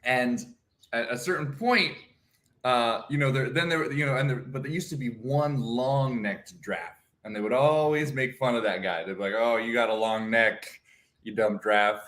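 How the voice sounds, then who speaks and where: A man's voice: mid-range voice, moderate pace, fairly bright tone. Guy co-hosting a morning chat show, rambles through goofy stories, regular mid voice. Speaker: co-host.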